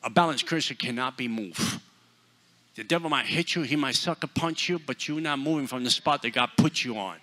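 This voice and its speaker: Male guest preacher, forceful sermon delivery, sharp bright voice. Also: medium pitch, a little fast. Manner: forceful, blunt, swings between loud and hushed. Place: church.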